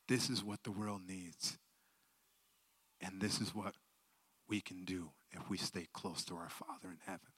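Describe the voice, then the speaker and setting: A man preaching a sermon with a story, moving between hushed near-whispers and loud, excited telling. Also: low voice, normal speed, long pauses, husky, no echo. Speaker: speaker at school assemblies and church event.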